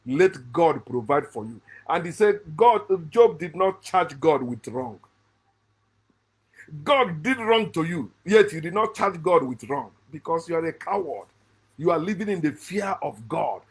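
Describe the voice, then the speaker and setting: A middle-aged African man hosts a channel, giving emphatic commentary that veers between loud, high bursts and low, muttered asides. He often restarts his sentences, and his voice is husky.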